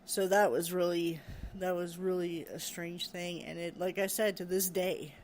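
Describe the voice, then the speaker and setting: Halting woman telling a ghost story. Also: on the low side, level tone, darkish tone, slight background noise. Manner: halting, repeats words, nervous laughs. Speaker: care worker recounting a paranormal experience. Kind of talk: personal storytelling.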